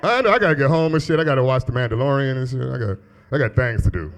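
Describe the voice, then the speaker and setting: Profane stand-up comic working a club crowd. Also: male voice, mid-range voice, lively intonation, quick pace. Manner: loose, crowd-teasing, profane, laughs at own jokes. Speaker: stand-up comedian. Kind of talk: live stand-up set. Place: small comedy club. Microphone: handheld stage mic.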